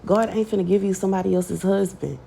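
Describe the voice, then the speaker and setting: A woman's voice: mid-range voice, steady tone, fast, gravelly, dark tone, slight background noise. A woman giving a casual prophetic message to her online audience, chatty and emphatic, with slang and scripture read aloud. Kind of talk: casual prophetic preaching to camera.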